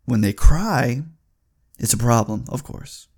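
A man in his twenties telling a story as a casual vlog rant, heated and profane, often getting loud and high. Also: animated, takes it slowly. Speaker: vlogger.

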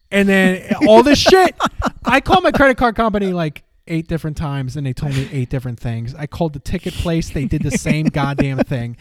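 A man on a podcast, telling a story in casual chat, animated and swearing, acting out the people he called. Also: high-pitched, no room sound. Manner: animated, swearing, acts out phone calls. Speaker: podcast co-host.

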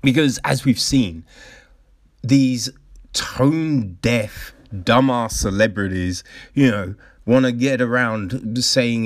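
A man's voice: mid-range voice, takes it slowly, dry recording, clean studio sound. A man in casual, profane commentary, ranting sarcastically and mocking the people he talks about.

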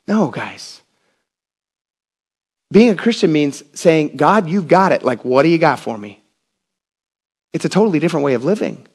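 High-voiced preaching pastor, fervent. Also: male voice, big pitch swings, brisk, slightly rough. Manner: conversational and emphatic, rising to passionate shouts. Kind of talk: sermon.

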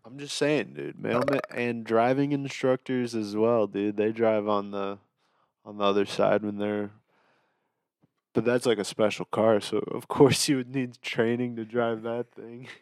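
A young man co-hosting a podcast, telling stories to friends in a lively way with plenty of swearing. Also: lowish voice, a little slow, smooth, no echo. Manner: animated storytelling, swearing. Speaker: podcast co-host. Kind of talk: casual chat among friends.

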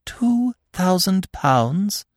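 A man's voice: mid-range voice, wildly swooping pitch, normal speed, darkish tone, no room sound, studio quality, voice pushed up. A man voicing a harassed, impatient young woman who talks in a tense, clipped, exasperated way.

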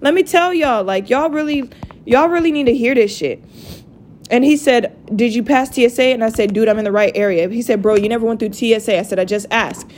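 A young woman telling a story to her viewers in a casual rant, profane and animated. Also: a little high, brisk, a little hiss or hum. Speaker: vlogger.

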